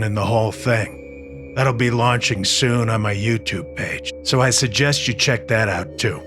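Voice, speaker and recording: Dry-witted male podcast host. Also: mid-range voice. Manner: dry, wry asides. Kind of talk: scripted horror-history narration.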